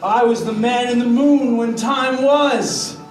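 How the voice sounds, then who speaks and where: A man's voice: very high voice, steady tone, takes it slowly, soft background music. A man playing a swaggering, tipsy butler on stage, boisterous and blustering, recorded from a distance in an echoey hall. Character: drunken swaggering male butler, adult. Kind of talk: live stage acting.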